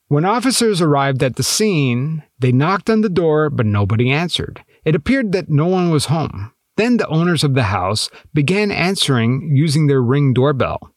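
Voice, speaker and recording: A man hosting a true-crime podcast, reading scripted narration in a measured, pointed, lightly sarcastic way. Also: fairly high pitch, no echo, studio quality. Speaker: podcast host.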